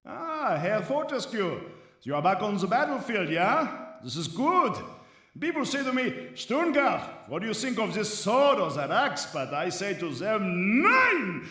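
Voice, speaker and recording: High, lively German-accented game knight, boastful, brassy, echoey. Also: male voice, a little slow, full character voice. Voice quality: booming, theatrical. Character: boastful German male knight, shield-obsessed. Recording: roomy echo, distant from mic.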